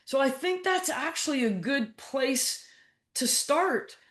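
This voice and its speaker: A woman's voice: high-pitched, animated, takes it slowly, a bit bright, roomy sound. A woman guest coach speaking frankly and bluntly in a casual interview, acting out her own thoughts in quotes and swearing now and then. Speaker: guest, mental toughness coach.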